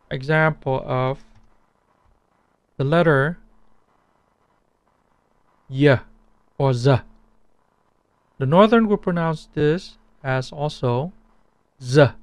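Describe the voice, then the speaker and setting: A man teaching a language pronunciation lesson, repeating each sound slowly so it can be compared. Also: a little high, clean tone, no echo.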